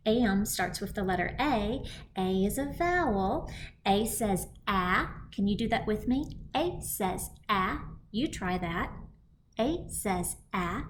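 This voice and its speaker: Slow, patient kindergarten teacher woman. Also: medium pitch, slight background noise. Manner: clear, deliberate sounding-out of letters. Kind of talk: slow, patient phonics lesson for young children.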